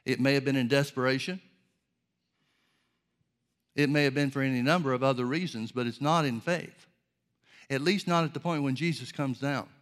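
A man preaching a sermon, teaching in an earnest, measured way and asking rhetorical questions. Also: mid-range voice, fairly even intonation.

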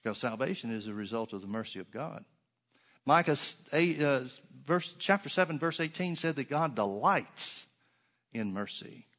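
A man preaching a sermon, reading scripture aloud and swinging between emphatic stresses and soft, quiet asides. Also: mid-range voice, animated, normal speed.

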